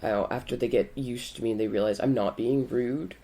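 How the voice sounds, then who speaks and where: A woman's voice: extremely low pitch, a little fast, dark tone. A woman co-hosting a casual podcast chat, talking bluntly and frankly, with casual swearing. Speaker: podcast co-host.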